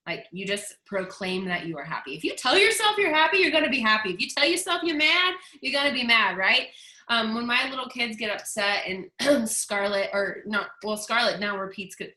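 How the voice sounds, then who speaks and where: A woman's voice: medium pitch, pushed and bright. A woman in her thirties giving a chatty, emphatic motivational book talk to her team. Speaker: team leader. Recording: echoey room.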